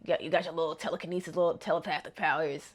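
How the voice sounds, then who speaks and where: A woman's voice: low-pitched, steady tone, rapid-fire, pitched below the performer's own voice. A woman doing a smug, mocking powerful father. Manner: taunting, condescending. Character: arrogant powerful father mocking his son.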